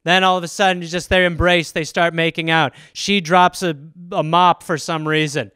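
A man hosting a comedy podcast, riffing alone in a rambling, profane, animated way. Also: a little high, normal speed, smooth, no room sound, studio quality.

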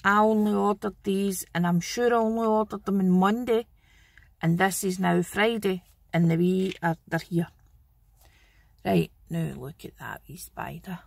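A middle-aged Scottish woman talks through a craft haul in a chatty, homely way. Her voice has a gravelly edge and a husky, breathy grain. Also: medium pitch. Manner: chatty and homely, fond of 'wee'. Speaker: craft channel host. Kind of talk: casual show-and-tell haul video.

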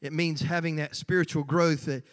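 A woman's voice: sits low, fairly even intonation, normal speed. Joking woman preacher in a church hall. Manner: conversational, joking asides to the congregation. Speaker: pastor. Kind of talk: sermon. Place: church sanctuary.

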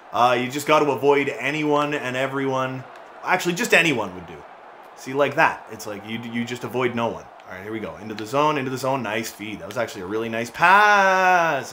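A man giving casual commentary as he plays a hockey video game, excitable and mocking his teammates, with frequent shouts and laughs. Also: mid-range voice, slight background noise. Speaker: gaming YouTuber.

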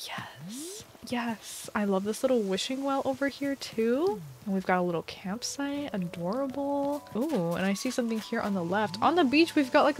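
A woman hosting a casual tour of video game islands, gushing and excitable with frequent delighted exclamations. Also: fairly high pitch. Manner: gushing, excitable, lots of "oh my goodness". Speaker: host touring game islands. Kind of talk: casual gameplay commentary.

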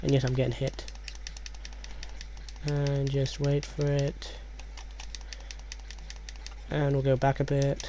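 A man doing let's play commentary in a hushed, low voice, rambling and reading game text aloud. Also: completely flat delivery, takes it slowly, pauses often, slight background noise.

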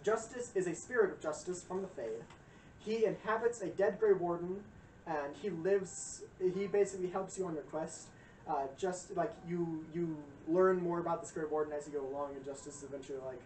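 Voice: medium pitch, fairly quick, darkish tone. Young adult streamer, rambling and profane, lots of fillers, roomy echo, distant mic, faint hiss. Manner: profane, rambling, frequent fillers and acted quotes. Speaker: streamer giving a game lore lecture. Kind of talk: casual rambling chat.

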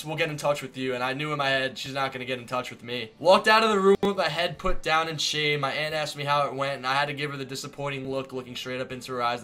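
Fast, bright-voiced young man vlogging. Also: a little high. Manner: animated, exaggerated retelling with voices. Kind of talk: casual storytelling to camera.

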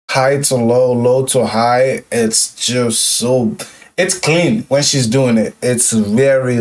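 Heard from far away on the mic, a young man with a mid-range voice gives casual commentary in a music reaction video. He is emotional and repetitive, leaning heavily on "yo" and "like."

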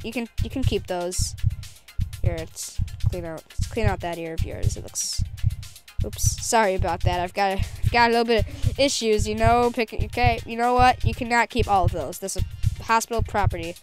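Goofy woman rambling over a game. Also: on the high side. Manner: goofy, rambling, jokes to the patient. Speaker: gameplay commentator. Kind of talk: let's play commentary.

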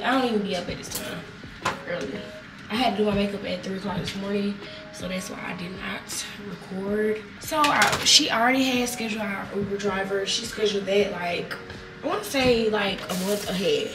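A woman's voice: medium pitch, roomy sound, distant mic, rough recording. A young woman vlogger telling a story in casual slang, swearing freely and talking with lots of energy.

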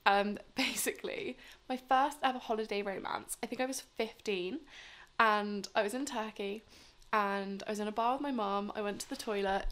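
A woman's voice: fairly high pitch, fairly bright tone. A woman in her twenties chatting casually to camera in a rambling, chatty way. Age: 20s. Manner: rambling, lots of fillers. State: drunk and tired late at night. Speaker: vlogger.

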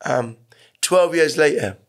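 Middle-aged guy from iran, bit of fry in the voice, swearing and rambling through his story as a podcast guest. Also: on the high side, slow. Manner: candid, swears freely, rambling. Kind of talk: casual storytelling interview.

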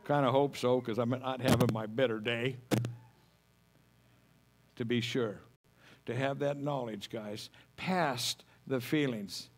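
A man's voice: mid-range voice, fairly even intonation, takes it slowly, pauses often. A middle-aged man preaching a sermon as pastor, folksy and homespun, telling stories with humor.

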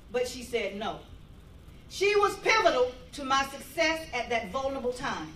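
A woman's voice: sits high, sing-song, normal speed, bright, forceful tone, a little hiss or hum. A woman gives a folksy, emotional tribute to a relative and reads a passage aloud. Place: library event room. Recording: voice from a distance.

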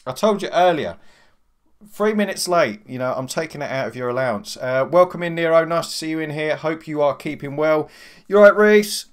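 A man chats casually through a live stream, dropping swear words and greeting viewers one by one. His voice sits a bit higher than most men's and comes across smooth and clear on a desk mic at home. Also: animated, a little fast. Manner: swears a lot, greets chat by name. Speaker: livestream host. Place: home room at a computer. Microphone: desk USB microphone.

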